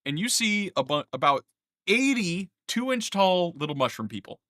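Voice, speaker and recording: Brief: male game master, casual narration, bright tone, dry close sound. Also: high-pitched, very animated, moderate pace, no echo. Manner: casual, laughing, lots of uh fillers.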